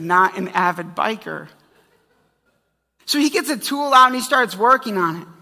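A man's voice: sits high, sharp tone. A man preaching a sermon as a pastor, telling a personal story in a conversational, humorous way. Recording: long hall reverb.

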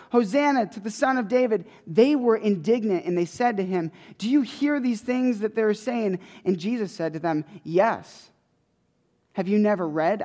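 A preacher giving a sermon in an emphatic, conversational way, with lots of repetition. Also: mid-range voice. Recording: long hall reverb.

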